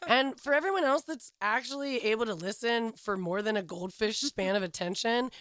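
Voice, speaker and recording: Young woman cohosting a podcast, snarky and sweary, smooth clear voice, dry close sound. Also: on the high side, brisk, a bit bright, dry recording. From California. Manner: sarcastic, swears casually. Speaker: podcast co-host. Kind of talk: casual chat.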